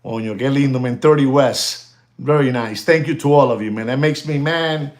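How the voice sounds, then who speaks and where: A man hosting a live stream, excitable and animated, thanking viewers and mixing in exclamations. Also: mid-range voice, normal speed.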